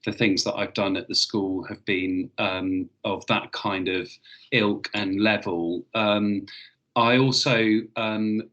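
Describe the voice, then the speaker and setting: A man with a fairly low voice, chatting as a podcast guest. He speaks with enthusiasm, often pausing on ums as he gathers his thoughts. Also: steady tone, a bit bright, lo-fi sound. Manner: enthusiastic, hesitant with many ums. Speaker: podcast guest, headteacher and author. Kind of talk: casual conversational interview.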